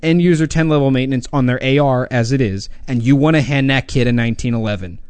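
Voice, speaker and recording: A man's voice: mid-range voice, fast, darkish tone, clear, resonant tone, no room sound. Male podcast co-host, opinionated ranter, dry booth sound. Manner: blunt, profane, mocking. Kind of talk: opinionated casual podcast rant.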